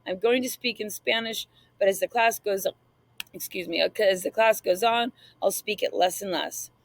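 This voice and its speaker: An energetic female teacher urges her class on with warm encouragement, as a woman narrating an audiobook puts her on. The voice carries a slight gravelly fry. It sits dry and close to the mic. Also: mid-range voice, normal speed, no echo. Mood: encouraging. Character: cheerful brisk female language teacher. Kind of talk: audiobook character reading.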